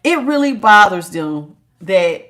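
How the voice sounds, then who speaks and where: A woman's voice: mid-range voice, slow. A woman giving a live-streamed tarot reading in a chatty, teasing way. She laughs often and calls her listeners child and honey. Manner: lively, teasing, talks straight to viewers. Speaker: tarot reader.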